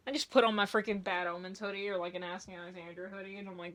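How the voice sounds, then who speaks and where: A young woman rambling excitedly through a casual music review, gushing and sometimes singing along. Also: medium pitch, racing, few pauses.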